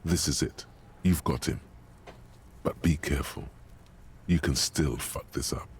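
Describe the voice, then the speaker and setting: A man's voice: extremely low pitch, a little slow, a little mellow, slight background noise. A man giving grave, ominous scripted narration as a detective's inner voice in a video game.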